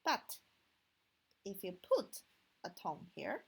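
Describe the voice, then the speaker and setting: A woman's voice: mid-range voice, very animated, takes it slowly, creaky, pauses often, slightly rough, low-quality recording. A woman with a Chinese accent teaching a language lesson online, patient and explaining step by step with frequent "okay". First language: Mandarin Chinese.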